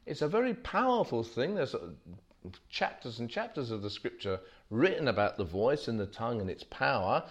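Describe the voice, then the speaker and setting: Chuckling preacher telling stories. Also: male voice, medium pitch, sing-song, normal speed. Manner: self-deprecating, anecdotal, with frequent restarts and chuckles. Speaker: street preacher giving a talk. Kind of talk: informal teaching talk. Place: meeting room with a small audience.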